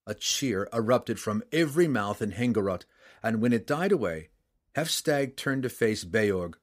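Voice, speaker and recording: A man narrating a fantasy story as an audiobook, in a measured, dramatic reading. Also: lowish voice, animated.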